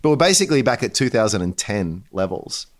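A man's voice: fairly low pitch, big pitch swings, brisk. An Australian man co-hosting a finance podcast, talking casually and thinking aloud with many restarts and repeated words. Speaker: podcast co-host. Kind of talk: casual chat.

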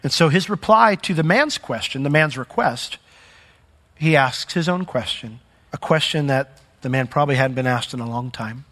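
A man preaching a sermon as pastor, telling a story with big swings between loud emphasis and quiet asides. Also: mid-range voice, moderate pace. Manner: animated storytelling with dramatic swings in volume.

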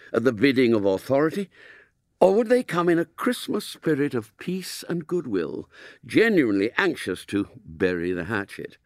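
A man reading a story aloud in an expressive, mock-solemn way. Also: medium pitch, dry recording, clean studio sound. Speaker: narrator.

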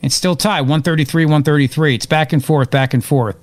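A man hosting live political talk radio, excitable and opinionated, rambling as he reacts to events. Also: on the high side, fairly quick, no echo. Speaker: radio talk show host.

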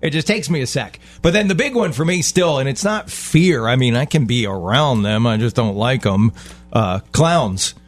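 A man co-hosting a radio talk show in casual chat, easygoing and quick to chuckle. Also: mid-range voice, animated, soft background music. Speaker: co-host.

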